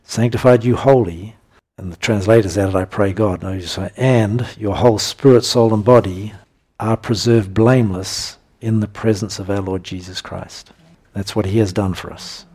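A man preaching a sermon, teaching through scripture verses in an emphatic style, breaking into animated bursts and chuckles. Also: lowish voice, normal speed, hardly any pauses, slightly rough.

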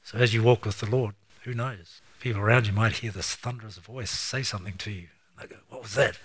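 A man preaching a sermon, reading scripture aloud slowly and forcefully, then explaining it in quick, casual asides with light chuckles. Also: on the low side, steady tone, slightly rough. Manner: chuckles between points. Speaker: pastor.

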